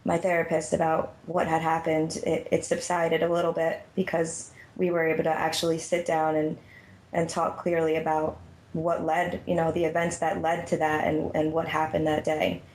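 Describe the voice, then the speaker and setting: A woman calling in to a talk show while lying down. She speaks nervously and haltingly, repeating her words. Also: low voice, monotone, darkish tone, roomy sound, low-quality recording. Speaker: caller. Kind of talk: emotional phone conversation. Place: lying down at home.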